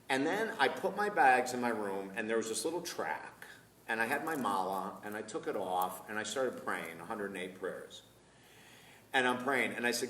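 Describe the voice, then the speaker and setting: Animated man telling a story. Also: medium pitch, moderate pace, roomy sound, far from the mic, a little hiss or hum. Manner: animated, laughs often, acts out dialogue. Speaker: minister and course teacher. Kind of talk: personal storytelling talk to a live group. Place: room filmed live.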